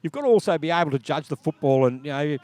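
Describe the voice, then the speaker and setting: Aussie guy doing rapid play by play for local footy, smooth voice, dry close mic. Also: fairly high pitch, lively intonation, a little mellow, no echo. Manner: rapid running play-by-play with casual asides. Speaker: play-by-play commentator. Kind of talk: live sports commentary.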